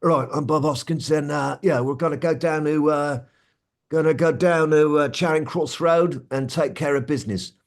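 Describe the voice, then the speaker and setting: A man in his sixties putting on a gruff working-class London man with a Cockney accent and a slight rasp. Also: a little high, fairly even intonation, moderate pace, voice pushed up, lightly acted. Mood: breezy.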